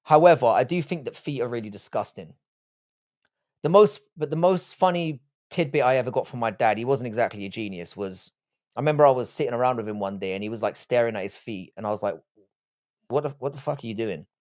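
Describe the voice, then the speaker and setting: A young man hosting a live stream and answering the chat from his desk mic. He talks bluntly and crudely in a joking tone, swearing freely. His voice sits at a middle pitch. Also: fast talker, a little mellow. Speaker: livestream host reading chat. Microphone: desk microphone, seated.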